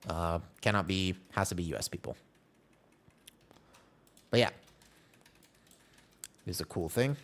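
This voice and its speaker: A man's voice: deep voice, unhurried, pauses often, fairly bright tone. A man chatting casually on a live game stream, telling rambling self-deprecating stories and answering chat messages aloud.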